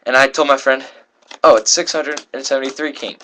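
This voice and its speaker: A man's voice: mid-range voice, steady tone, a little fast, bright, forceful tone, slight background noise. A young man performing a card trick while telling a rambling story, often correcting himself mid-sentence. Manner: rambling, self-correcting, voices quoted people. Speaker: card magician.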